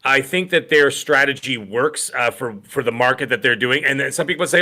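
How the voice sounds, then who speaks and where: Give me a middle-aged man co-hosting a podcast, talking in an animated, rambling way with a bright voice. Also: medium pitch, moderate pace. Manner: rambling, animated, many restarts. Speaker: podcast co-host. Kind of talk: casual podcast chat.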